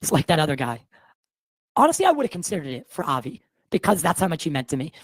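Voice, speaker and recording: Husky, animated podcast host man. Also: fairly high pitch, quick pace, no room sound. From Massachusetts. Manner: animated, rambling, swears freely. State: shaken. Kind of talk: casual podcast storytelling.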